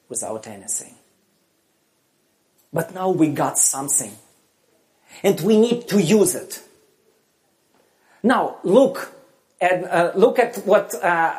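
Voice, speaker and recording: A woman speaker delivers a sermon at an unhurried pace. Her voice sits a little low for a woman, yet it rises and falls with lively, emphatic swings. Some phrases ring out loud while others fade almost to a murmur. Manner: slow, emphatic delivery with wide swings between loud and soft. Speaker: preacher.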